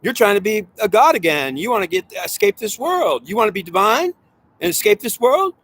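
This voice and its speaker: A man delivers a heated spiritual monologue in a voice pitched a little higher than most men's. He talks in an agitated, rambling way and keeps circling back on the same points, repeating them again and again. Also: big pitch swings, brisk, fairly bright tone, a little hiss or hum. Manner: agitated and rambling, with frequent repetition.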